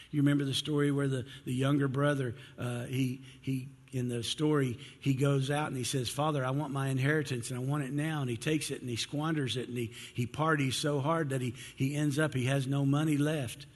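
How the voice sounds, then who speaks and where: Brief: male pastor, casual sermon delivery, slightly husky, long hall reverb. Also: mid-range voice, fairly even intonation, moderate pace. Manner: conversational, acts out biblical figures' complaints.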